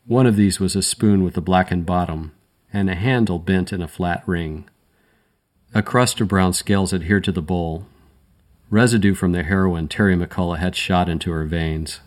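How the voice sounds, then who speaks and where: A man reads a first-person crime story aloud in a very deep voice. His delivery is measured and matter-of-fact, with a dry edge throughout. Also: fairly even intonation. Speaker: audiobook narrator.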